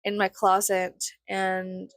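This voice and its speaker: A woman's voice: mid-range voice, completely flat delivery, slow pace, no echo. A young woman from South Texas chatting casually to camera, rambling with lots of "like" and swearing freely. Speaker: vlogger.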